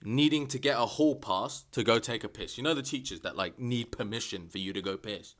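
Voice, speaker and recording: A young man vlogging comic rants, swearing constantly and bursting into exasperated shouts. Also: mid-range voice, brisk. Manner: profane, exasperated ranting with sudden shouts. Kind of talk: comedic rant vlog.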